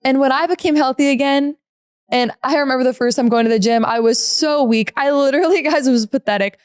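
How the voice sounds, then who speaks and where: Young woman, podcast guest, sincere, a bit high, dry sound. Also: smooth, no echo. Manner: sincere, quick, laughs at herself. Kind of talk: casual testimony.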